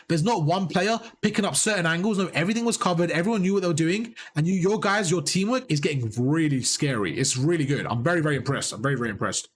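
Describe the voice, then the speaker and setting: Fast-talking man with a worn-out voice. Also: high voice. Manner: excited, rapid coaching talk to players and chat. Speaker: esports coach and streamer. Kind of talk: live VOD review commentary.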